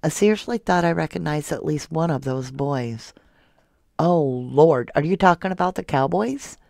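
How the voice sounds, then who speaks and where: A soft-spoken woman hosting a true crime livestream, reading viewer comments aloud and calling her viewers love and honey. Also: deep voice, moderate pace, vocal fry, dry recording, clean studio sound. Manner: affectionate toward viewers, calls them love and honey. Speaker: true crime channel host.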